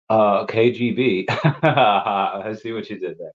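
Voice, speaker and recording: A man's voice: fairly low pitch, slow. Rambling male streamer, coughing, lo-fi sound. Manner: rambling, laughs often, repeats words. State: coughing, recovering from illness. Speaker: livestream host answering chat. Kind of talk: casual live chat. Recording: dull lo-fi stream audio.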